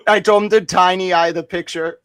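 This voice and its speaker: A man's voice: sits high, steady tone, brisk, smooth, dry recording. A man on a boxing talk stream, joking and boasting in profane, rambling riffs. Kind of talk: casual livestream banter.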